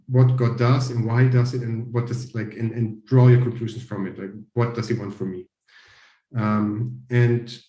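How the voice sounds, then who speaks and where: A man's voice: mid-range voice, dark tone, reverberant, rough recording. A man explaining ideas in a played clip, hesitant and full of ums. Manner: hesitant, many ums and sort-ofs. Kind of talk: explanatory discussion.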